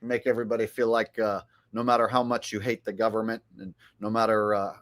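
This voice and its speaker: A man's voice: on the low side, little pitch movement, a little fast. A middle-aged man giving rambling, mocking commentary on his live stream. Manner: rambling, mocking, with filler words.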